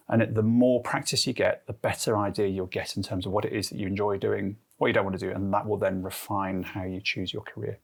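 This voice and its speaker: Guernsey man, low gravelly voice, animated anecdotes in an interview. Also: fairly quick. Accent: Guernsey English. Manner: chatty, animated storyteller acting out quotes. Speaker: interviewee, head of transformation and change. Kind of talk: casual interview answers.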